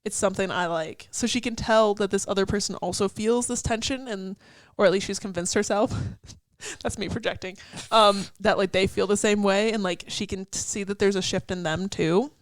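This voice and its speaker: A woman's voice: mid-range voice, normal speed, few pauses, no room sound. A young woman co-hosting a casual podcast, talking through song lyrics in a loose, chatty way with lots of "like" fillers, laughs and the odd swear. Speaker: podcast co-host.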